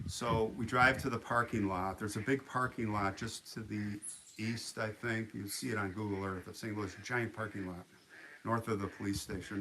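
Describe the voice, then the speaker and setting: A man hosting a livestream, telling a story in a casual, animated way with frequent restarts. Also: fairly low pitch, gravelly, noisy background. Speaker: livestream host.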